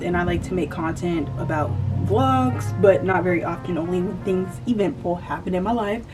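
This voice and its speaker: A woman with a lowish voice and a slight Southern US country accent talks casually to camera at normal speed with few pauses. She's a YouTuber doing a chatty, rambling commentary vlog, often correcting herself. Her voice is far from the mic and a bit off-axis, with faint music behind it.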